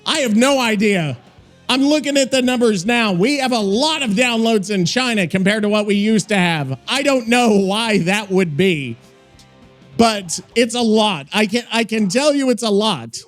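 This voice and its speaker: A man co-hosting a gaming podcast, talking loudly and casually, swearing often and rambling with restarts. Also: high-pitched, lively intonation, normal speed, faint music behind. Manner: loud, profane, rambling with restarts. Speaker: podcast co-host.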